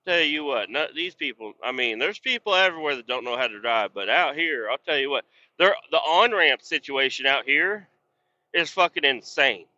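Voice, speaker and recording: Blunt, foul-mouthed man with a sharp, forceful voice, ranting from a truck cab, muffled lo-fi sound. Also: medium pitch, lively intonation, moderate pace. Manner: profane, blunt, exasperated ranting. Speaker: podcast host and truck driver. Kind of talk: rambling casual storytelling. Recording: dull lo-fi sound.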